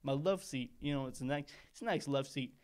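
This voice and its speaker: A man's voice: medium pitch, fairly quick, a little mellow, natural voice. A man voicing a poor, rambling small-time mafia henchman who talks like a tough guy and keeps digressing, as a comedic monologue. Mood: grumbling.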